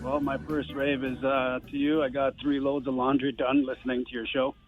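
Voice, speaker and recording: A man calling into a radio show, excitable and giggly, his voice rising into heated bursts. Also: mid-range voice, normal speed, over music. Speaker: caller. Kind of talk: phone-in chat. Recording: tinny phone line.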